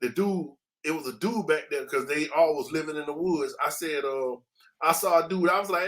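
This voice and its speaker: High-pitched male guest, animated slangy storyteller who voices the sound effects. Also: normal speed. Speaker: interview guest. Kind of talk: casual storytelling.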